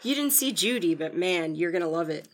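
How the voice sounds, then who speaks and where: A woman's voice: fairly low pitch, expressive, fairly quick. A woman in casual podcast chat, enthusiastic and emphatic, with casual swearing.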